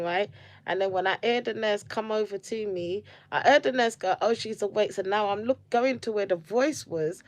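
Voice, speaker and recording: A woman's voice: mid-range voice, no room sound. Woman vlogging, chatty and slangy, dry close sound, mid voice. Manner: chatty, animated, lots of slang and asides. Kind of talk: casual storytelling to camera.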